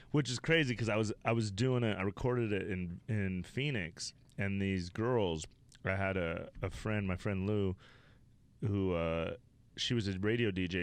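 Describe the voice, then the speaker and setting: A man from Wyoming, a stand-up comedian guesting on a podcast, telling rambling, profane anecdotes in a casual interview. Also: lowish voice. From Wyoming, USA.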